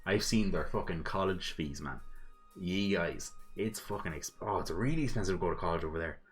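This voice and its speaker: Young Irish guy, low register, casual commentator, salty and blunt, quick to laugh, faint music bed. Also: husky. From Ireland. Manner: swears freely, laughs often, blunt asides. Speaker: commentator reading chat logs.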